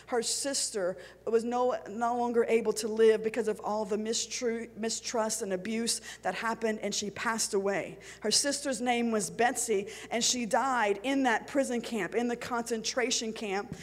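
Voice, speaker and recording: A woman's voice: a little high, steady tone, moderate pace, few pauses. A woman preaching, earnest, sometimes stumbling over words as she tells a story. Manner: earnest, reads story passages with feeling, slips on words. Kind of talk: sermon with read-aloud story. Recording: long hall reverb with faint music.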